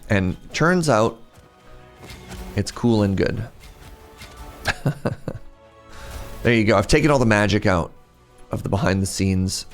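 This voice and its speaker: A man's voice: on the low side, animated, slow pace, long pauses, soft background music. A man chatting casually while livestreaming a game, rambling and interrupting himself. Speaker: game streamer.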